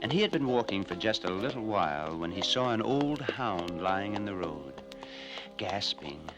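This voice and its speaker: A man narrating fairy tales in an animated, expressive storytelling manner. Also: on the low side, normal speed, loud music behind the voice, rough recording. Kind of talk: scripted fairy-tale narration.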